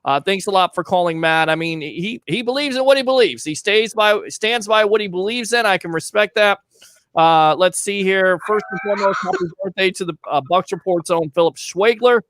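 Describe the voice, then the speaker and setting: A man's voice: sits high, normal speed, fairly bright tone, no echo. A man hosting a casual call-in sports talk show, chatting and reading out viewer comments.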